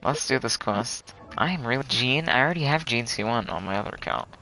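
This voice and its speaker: A young man streaming a game live, chatting casually and groaning loudly when his luck turns bad. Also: mid-range voice, animated, fairly quick, vocal fry, soft background music, low-quality recording.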